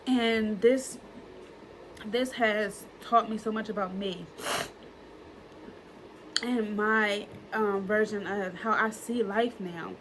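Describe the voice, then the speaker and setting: A woman's voice: medium pitch, steady tone, takes it slowly, long pauses, background noise. A woman, talking in an earnest, emotional way in a personal reflection vlog, using plenty of fillers and repeating herself. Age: early 30s. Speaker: vlogger.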